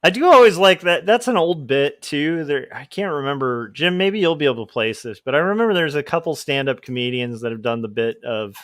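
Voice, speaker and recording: A man's voice: on the high side, lively intonation, a little fast, few pauses, a bit bright, no room sound, studio quality. A man hosting a livestream as a comic artist, chatting casually in a rambling, self-deprecating way.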